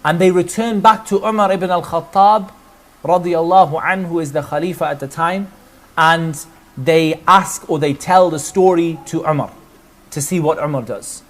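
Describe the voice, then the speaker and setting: A man's voice: on the high side, normal speed, fairly bright tone. A man preaching as he tells a religious story in earnest narration, with rhetorical questions to his listeners. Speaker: Islamic preacher.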